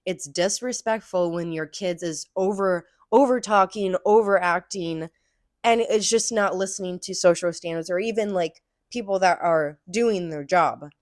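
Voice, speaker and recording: A young woman co-hosting a casual chat show, telling animated stories about her work as a cashier. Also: normal speed, dry recording, clean studio sound. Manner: animated storytelling, acts out customers in high voices. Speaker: podcast co-host.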